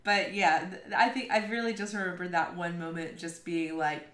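A woman's voice: on the low side, fairly even intonation, moderate pace, fairly bright tone. A woman telling stories in a casual chat, candid and playfully crude, laughing often. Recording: roomy echo.

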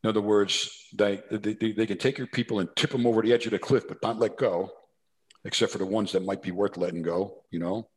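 Lowish and a little fast, with fairly flat intonation, the man is a corporate consultant from New Jersey, USA. He tells anecdotes as an interview guest, casually, with frequent asides and restarts.

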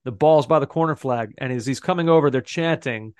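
A man's voice: mid-range voice, a little fast, clean tone, no room sound, clean studio sound. A man co-hosting a football podcast, talking in an enthusiastic, casual way and laughing often. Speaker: podcast co-host.

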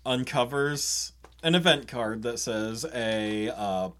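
A man co-hosting a podcast, telling game stories in a relaxed way and laughing often. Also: mid-range voice, takes it slowly. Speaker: podcast co-host. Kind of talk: casual chat.

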